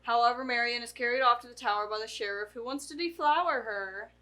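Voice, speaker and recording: A woman's voice: on the high side, fast, sharp tone, rough recording. A teenage girl co-hosting a movie podcast, reading the plot summary aloud and breaking off to joke with her family. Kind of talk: casual chat with read-out plot summary.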